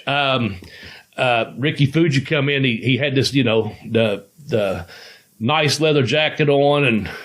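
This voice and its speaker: A man's voice: medium pitch, a bit bright. A man co-hosting a podcast, a former wrestler telling rambling, profane stories and laughing as he goes. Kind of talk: casual storytelling chat.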